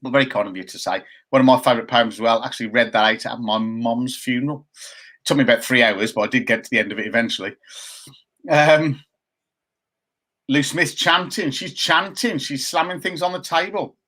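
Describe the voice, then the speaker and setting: A man's voice: mid-range voice, brisk, bright, forceful tone. A man in his fifties co-hosting a casual live chat show, chatty and jokey as he reads out viewer comments. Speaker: co-host.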